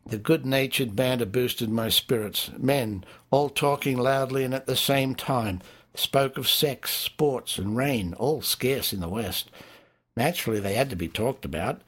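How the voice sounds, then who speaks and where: A man's voice: medium pitch, measured pace, fairly bright tone, husky. Man narrating a memoir. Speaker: audiobook narrator. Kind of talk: first-person memoir narration.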